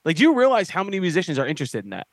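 A man's voice: high-pitched, huge pitch swings, no echo. A man with a Philadelphia accent hosting a podcast in casual chat, swearing and laughing as he tells stories. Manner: swearing, joking, quick laughs. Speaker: podcast host.

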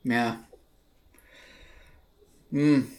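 A man hosting a casual conversation, reflective, with soft backchannels and pointed questions. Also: mid-range voice, steady tone, extremely slow.

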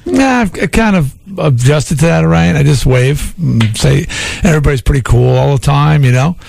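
A man's voice: fairly high pitch, lively intonation, normal speed, gravelly, a little mellow, no room sound. A middle-aged man from Long Island, a radio host telling stories in a rambling way, full of restarts. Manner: rambling storyteller with many restarts. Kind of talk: casual talk radio chat.

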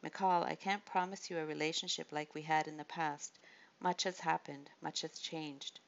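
Commanding male king in an audiobook, firm and measured, as a woman reader plays him; low voice, dull lo-fi sound. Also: fairly even intonation, gravelly.

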